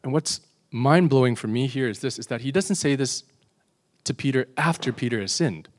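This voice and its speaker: Male preacher, mid-pitched voice, sermon, confessional, rhetorical questions, quieter and slower on solemn points. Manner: slows and drops his voice on solemn points.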